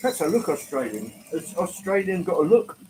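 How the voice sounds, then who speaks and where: An English man with a slight London lilt hosts a relaxed live stream, talking in a somewhat higher register. He chats easily, greets viewers one by one, and drops the odd mild swear word with a laugh. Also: fairly quick, slight background noise, rough recording. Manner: chatty, greets viewers by name, swears lightly, laughs often. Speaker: livestream host. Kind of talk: casual live-stream chat.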